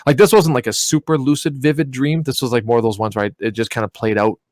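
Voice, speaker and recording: A man's voice: medium pitch, steady tone, quick pace, a little mellow, dry recording. A man, casually telling a long story on a podcast, rambling with lots of "like" and "you know.". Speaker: podcast co-host.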